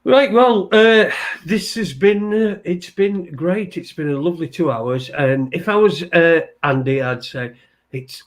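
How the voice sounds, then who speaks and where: Swearing man hosting, slightly high voice. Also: animated, normal speed. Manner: banter-heavy, swears freely, laughs often. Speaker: podcast host. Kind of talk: casual chat.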